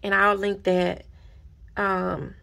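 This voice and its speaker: A woman vlogging casually at her desk about budgeting supplies and mail she received, gushing and repeating herself when excited. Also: medium pitch, drawn-out words, gravelly. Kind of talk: casual unboxing vlog. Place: home desk.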